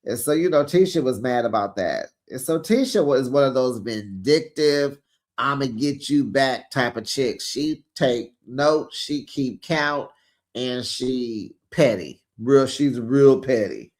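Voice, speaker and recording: A man giving a sassy, animated recap of a reality show, talking straight to his viewers. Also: medium pitch. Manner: acts out the cast's lines in quick bits. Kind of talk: casual recap commentary.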